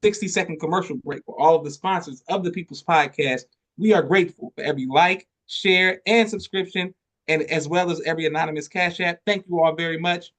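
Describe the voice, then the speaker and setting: A man hosting a podcast in casual interview chat, relaxed and loose with his phrasing. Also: on the high side, brisk. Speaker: podcast host.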